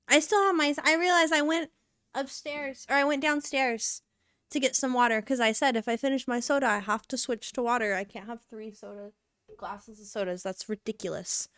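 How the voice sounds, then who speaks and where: A woman's voice: sits high, brisk, smooth, dry recording, studio quality. A woman streaming while she works, chatting and rambling casually and sounding a little out of breath. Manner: chatty, rambling, self-narrating. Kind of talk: casual live-stream chat while working.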